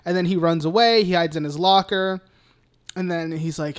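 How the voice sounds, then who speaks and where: A man's voice: sits high, moderate pace, clear, resonant tone. A man co-hosting a film podcast, casually recapping scenes in a rambling, profane way with many fillers. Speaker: podcast co-host.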